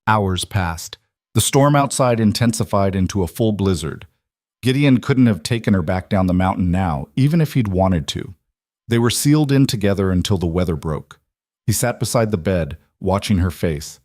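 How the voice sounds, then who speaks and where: Low-voiced man narrating a brooding western. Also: lively intonation, normal speed, a little mellow, dry recording, clean studio sound. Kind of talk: dramatic story narration.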